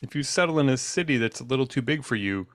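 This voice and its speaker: Animated man riffing on a podcast. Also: medium pitch, quick pace, no echo, studio quality. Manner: chatty, riffing, frequent backchannel and jokes. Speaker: podcast co-host. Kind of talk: comedic podcast banter.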